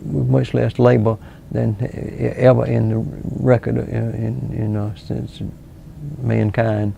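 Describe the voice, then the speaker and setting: An older man from South Carolina, a local author and historian answering interview questions slowly, with many pauses and restarts. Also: mid-range voice, level tone, dull audio, background noise. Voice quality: gravelly.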